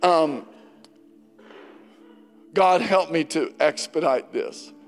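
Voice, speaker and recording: A man preaching a sermon as pastor, passionate, swinging between loud declarations and hushed quotes from scripture. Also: a little high, very slow. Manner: passionate preaching, voice rising and dropping, quoting scripture dramatically. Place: church sanctuary. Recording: church hall with long reverb and faint music.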